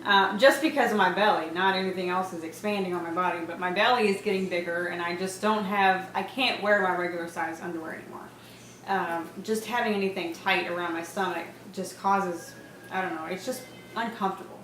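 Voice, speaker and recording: A woman's voice: on the low side, steady tone, brisk, a bit bright. A woman in her thirties chatting casually in a rambling home vlog, laughing often and using lots of fillers. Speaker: vlogger. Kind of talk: casual pregnancy update vlog. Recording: echoey room with faint ambient noise.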